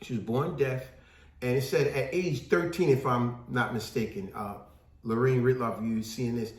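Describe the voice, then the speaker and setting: A man's voice: medium pitch, normal speed. A man in casual talk-show discussion, telling stories with animation and acting out the voices of people he quotes. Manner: animated storytelling, acts out quotes. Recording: echoey room.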